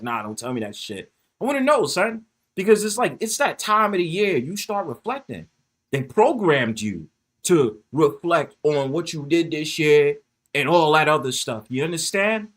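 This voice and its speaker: Animated, profane man. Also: fairly high pitch. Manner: animated, profane, often laughing, talks straight to the chat. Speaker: livestream host. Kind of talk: casual livestream chat to viewers. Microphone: phone.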